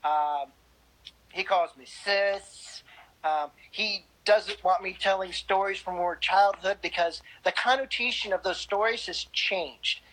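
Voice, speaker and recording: A woman's voice: mid-range voice, slow, a bit bright, rough recording. A woman guest in a casual interview, speaking candidly and bluntly with frequent laughs.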